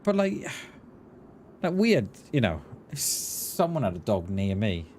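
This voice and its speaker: A man's voice: fairly low pitch, sing-song, slow, darkish tone, a little hiss or hum. A man, ranting casually and bluntly while streaming a game. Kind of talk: casual chat while gaming.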